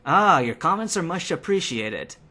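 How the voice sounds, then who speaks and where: A man voicing a calm, courteous young flute player in a storybook reading. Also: a little high, moderate pace, voice pushed up, full character voice. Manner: polite and gentle.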